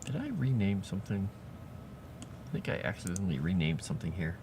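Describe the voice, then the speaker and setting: A man chatting casually with his live-stream audience while writing fantasy lore, animated and quick to laugh. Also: sits low, background noise. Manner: animated, chatty, laughs often, talks to chat.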